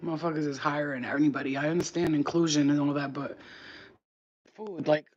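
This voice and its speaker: A man's voice: fairly high pitch, fairly even intonation, a little fast, lo-fi sound, slight background noise. A man in a casual livestream chat, giving spiritual readings in a blunt, chatty way and swearing freely.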